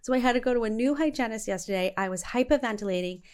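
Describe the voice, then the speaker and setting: Animated middle-aged woman co-host. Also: fairly high pitch, fast talker, clear, resonant tone. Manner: animated storyteller acting out dialogue. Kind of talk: casual chat.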